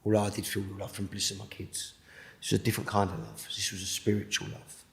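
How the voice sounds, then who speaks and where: A man with a British accent giving an emotional personal testimony in an interview, halting and repeating words, sinking to a hush at the most intense moments. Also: lowish voice, flat delivery, creaky, roomy sound. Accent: British English. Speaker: interviewee telling his testimony.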